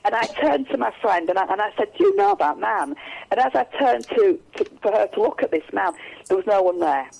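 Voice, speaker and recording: A woman's voice: mid-range voice, very animated, brisk, creaky, darkish tone, poor audio. A woman, a psychic medium, telling stories in a radio interview, rambling with many restarts and fillers.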